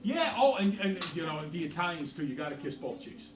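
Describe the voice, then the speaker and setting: A man's voice: fairly high pitch, sing-song, brisk. A middle-aged man teaching a math class, chatty and jokey, quizzing the students. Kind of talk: classroom lesson. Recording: roomy, from far off.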